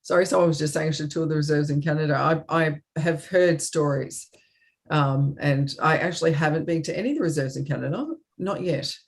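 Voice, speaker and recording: A woman's voice: low-pitched, fairly quick, creaky. A woman co-hosting a comedy chat over a video call, telling a story in an earnest, hesitant way with many ums. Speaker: comedy show co-host.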